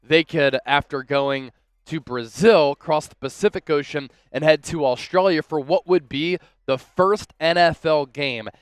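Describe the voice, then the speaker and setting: A man's voice: a little high, smooth, no echo. A young man hosting a sports news show, talking with upbeat, enthusiastic fan energy. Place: on location at a big sports event.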